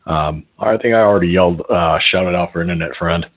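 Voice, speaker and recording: A middle-aged man hosts a call-in show and tells his stories in a loose, rambling way, swearing freely and filling gaps with ums and uhs. His voice sits a little low. It comes through a phone, so it sounds thin and tinny. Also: fast talker. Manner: rambling, profane, with chuckles and filler words. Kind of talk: casual storytelling chat.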